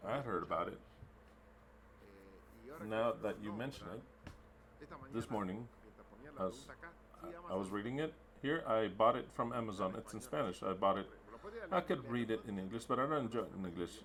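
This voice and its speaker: A man's voice: lowish voice, lively intonation, normal speed, pauses often, fairly bright tone. A man interpreting a sermon into English live, emphatic and repetitive, with blunt wording.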